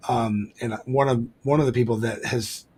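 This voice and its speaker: A man's voice: mid-range voice, steady tone, moderate pace, darkish tone, breathy edge. A man co-hosting a podcast in casual chat over a remote call, rambling with lots of fillers and restarts. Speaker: podcast co-host.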